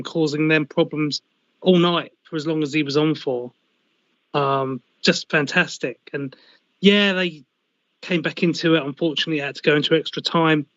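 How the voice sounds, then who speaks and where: Slightly high-voiced guy talking the game through, stop-start, muffled dry audio. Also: steady tone, a bit bright, no room sound. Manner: halting, restarts, many "you know"s. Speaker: pundit on fan radio show. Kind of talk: casual match analysis. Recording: dull dry remote line.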